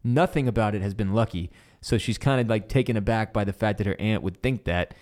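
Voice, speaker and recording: A man co-hosting a podcast, casually recapping a TV episode with lively retelling and bits of swearing. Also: lowish voice, a little fast. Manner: animated retelling, acts out character quotes, swears casually. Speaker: podcast co-host.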